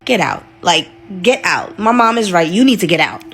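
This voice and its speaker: Shocked young girlfriend, confused questions, lively pitch, put on by a woman storyteller. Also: normal speed, soft background music. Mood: angry.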